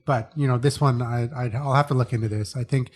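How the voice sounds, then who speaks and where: A man from Canada co-hosting a casual podcast, his voice husky and a little rough. He speaks in a measured, cautious way and repeats words as he gets going. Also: medium pitch, fairly even intonation. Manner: measured, hedging, stammers on starts. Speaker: podcast co-host.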